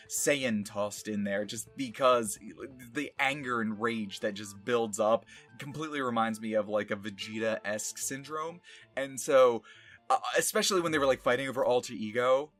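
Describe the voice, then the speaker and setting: A man's voice: mid-range voice, normal speed, a bit bright, no echo, soft background music. A young man casually explaining his voice acting work, chatty and laughing often. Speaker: voice actor.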